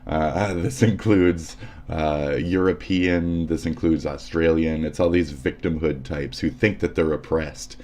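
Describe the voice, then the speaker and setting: This is a man with a very low voice, hosting a live stream and reacting to the news. He rants in a casual way, sarcastic and combative, and swears often. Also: steady tone, a little slow, dark tone, slight background noise. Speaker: livestream host. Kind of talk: profane ranting commentary.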